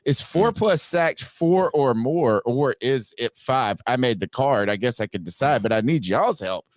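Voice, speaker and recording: A man hosting a sports podcast, upbeat and quick with his plugs. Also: medium pitch, expressive, no echo. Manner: upbeat, promotional, rapid plugs. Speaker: podcast host. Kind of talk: casual sports podcast talk.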